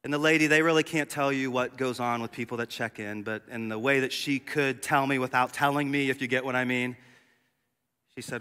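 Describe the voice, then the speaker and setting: Animated male pastor in a reverberant church. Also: medium pitch, brisk, clean tone. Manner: animated storyteller, acts out dialogue. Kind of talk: sermon with storytelling. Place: church sanctuary.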